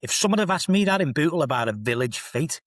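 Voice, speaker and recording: Here the same Liverpool man in his fifties, an English assistant head teacher, sounds higher and animated, talking fast with a slightly bright edge. He's telling stories on a podcast with emphatic, rhetorical asides, and the audio is clean studio sound with no echo.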